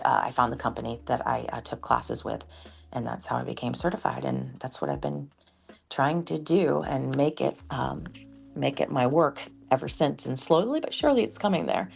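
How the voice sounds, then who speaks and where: A woman's voice: extremely low pitch, vocal fry. A woman, a sound practitioner, speaking earnestly and reflectively as a podcast guest. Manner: earnest, heartfelt, reflective, many fillers. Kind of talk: casual interview conversation.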